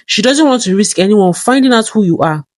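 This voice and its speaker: A loyal man explains and warns with earnest urgency, as a storyteller reads his part. The voice stays mid-pitched and dry. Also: animated, a little fast, no room sound, natural voice.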